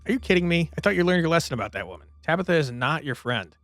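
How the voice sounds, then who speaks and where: A man voicing a jumpy, anxious young woman who talks in a rushed, panicky way. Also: a little high, very animated, a bit bright, dry recording, soft background music, voice pushed up. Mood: incredulous.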